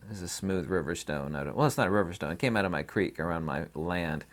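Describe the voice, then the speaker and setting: A man's voice: sits low, fast. A man hosting his own channel, talking in a rambling, opinionated and folksy casual monologue. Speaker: channel host.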